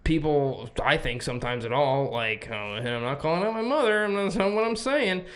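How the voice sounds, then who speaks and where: A young man from the United States, co-hosting a podcast in casual chat, rambling and swearing as he tells animated stories. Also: on the high side, moderate pace. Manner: rambling, profane, animated storytelling. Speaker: podcast co-host.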